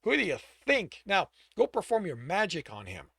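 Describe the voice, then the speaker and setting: Man playing a loud, sneering lanky thug; raised, gravelly pitch. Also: wildly swooping pitch, moderate pace, dry recording, studio quality, heavily acted. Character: lanky, cruel male thug with a stick.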